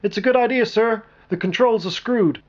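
A man voicing an eager young male pilot who shouts in a strained voice. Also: sits high, takes it slowly, highs cut off, voice pushed up. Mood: urgent.

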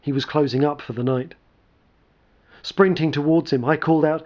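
A man narrating a first-person story in a measured, dramatic way. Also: on the high side, steady tone, darkish tone. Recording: dull lo-fi recording.

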